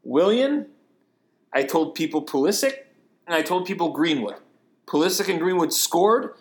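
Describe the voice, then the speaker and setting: A man co-hosting a laid-back sports podcast. His voice sits a touch high, and he talks in loose, chatty runs. He laughs often and rattles off names and numbers. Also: lively intonation, moderate pace. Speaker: podcast co-host. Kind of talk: casual sports podcast chat.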